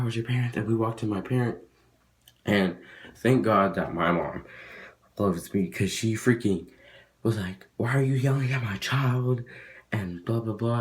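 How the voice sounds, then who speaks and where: A young man vlogging a casual story, rambling with lots of fillers and restarts. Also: on the low side.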